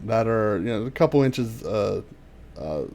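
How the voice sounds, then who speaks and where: Over an online voice call, a man serves as game master, narrating in halting bursts packed with ums and restarts. His voice is fairly low and darkish in tone, yet animated.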